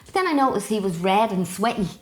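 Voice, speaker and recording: A woman's voice: medium pitch, fast talker. Irish woman telling family stories. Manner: lively, warm storyteller who laughs often. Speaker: guest. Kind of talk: casual storytelling chat.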